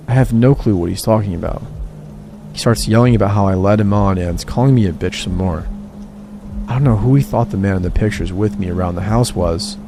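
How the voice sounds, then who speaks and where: A man narrating a true horror story in a steady, even storytelling read. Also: lowish voice. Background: background music.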